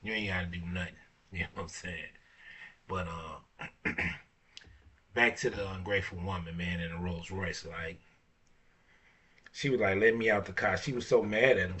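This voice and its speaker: A man's voice: sits low, moderate pace, long pauses, bright, forceful tone, far from the mic. A man, hosting a casual monologue in a laid-back way, full of fillers and swearing. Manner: laid-back, fillers like "you know what I'm saying", swearing. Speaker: podcast host.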